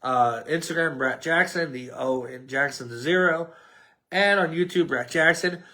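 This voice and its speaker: A man's voice: a little high, normal speed, sharp tone. A man with a New York accent hosting a casual solo sports podcast, rambling and mumbling at times. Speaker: podcast host.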